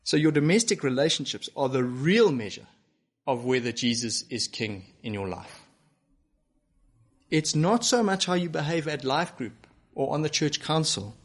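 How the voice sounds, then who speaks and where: A man's voice: on the high side, big pitch swings, normal speed, husky. Earnest male preacher. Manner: earnest, emphatic preaching with rhetorical questions. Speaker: pastor. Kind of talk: sermon. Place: church broadcast to home viewers.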